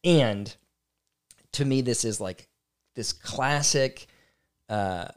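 A man co-hosting a relationship podcast, talking in a blunt, opinionated, animated way. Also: mid-range voice, very slow, clear, resonant tone. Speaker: podcast co-host. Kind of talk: casual chat.

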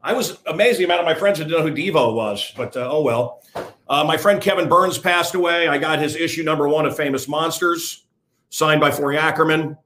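A man's voice: a little high, a little fast, fairly bright tone. An older man hosting his own show, talking blunt and rambling in a casual monologue to camera. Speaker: host.

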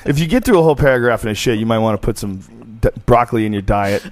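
A man's voice: medium pitch, expressive, racing. A man hosting a podcast who talks in a loose, jokey way and swears freely in casual chat. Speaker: podcast host.

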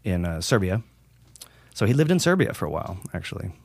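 A man's voice: sits low, very animated, fairly quick, creaky, no room sound, clean studio sound. A man guest on a podcast, chatting casually and rambling, swearing freely and acting out the things people said. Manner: rambling, swears freely, acts out quoted remarks. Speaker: podcast guest, metal singer. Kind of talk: casual conversation.

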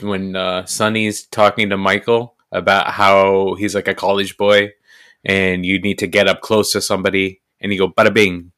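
A man's voice: low voice, flat delivery, normal speed, fairly bright tone, smooth. A man from North Jersey, a guest on a podcast, chatting casually as an eager, teasing fan who asks questions. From North Jersey, USA. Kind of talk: casual chat.

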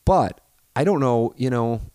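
A man's voice: mid-range voice, lively intonation, measured pace, warm tone, clean tone, no echo, clean studio sound. A man hosting a podcast, rambling profanely through a listener email, full of restarts and asides. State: married. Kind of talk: casual rambling monologue.

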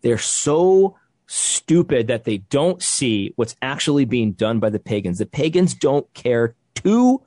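A young man with a slightly husky voice holds forth in heated, conversational commentary. His pitch jumps around a lot as he presses each point, repeating himself and restarting sentences. The sound is dry and close. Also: very animated, unhurried, mellow, no echo. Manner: emphatic, repetitive, restarts when worked up. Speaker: podcast co-host.

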